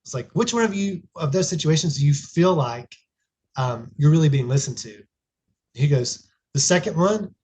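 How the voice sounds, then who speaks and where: A man's voice: fairly high pitch, animated, normal speed, a little mellow. A man in his thirties, a podcast guest, telling a family story in an earnest, reflective way with frequent restarts. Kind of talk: casual conversational storytelling.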